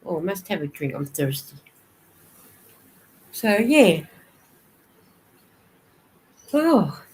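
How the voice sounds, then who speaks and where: A woman's voice: fairly low pitch, sing-song, drawn-out words, darkish tone, slightly rough, low-quality recording. An Australian woman chatting casually on a live stream, reading viewers' comments aloud and answering them as she goes.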